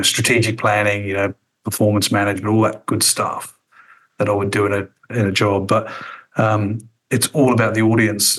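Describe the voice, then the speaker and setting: Reflective man, low voice. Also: fairly bright tone, poor audio. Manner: reflective, frequent ums and restarts. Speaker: interview guest, former radio executive. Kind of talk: conversational interview.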